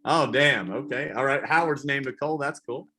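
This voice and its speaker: A man's voice: medium pitch, bright, forceful tone, husky. A man from the American South doing a stand-up comedy set, working the crowd and swearing freely. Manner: crowd work with drawn-out impressions, profane. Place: comedy venue with a live audience.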